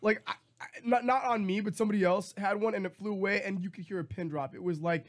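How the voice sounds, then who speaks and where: A young man, an actor visiting a radio show as a guest, telling stories in a giggly, animated way. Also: high-pitched, fast talker. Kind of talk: casual radio chat.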